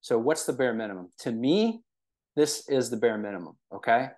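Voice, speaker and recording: Leading a relaxed real estate training, this man speaks in a mid-range, slightly mellow voice at normal speed, expressive throughout. He keeps it conversational, checking in with listeners often, full of fillers and rhetorical "right?".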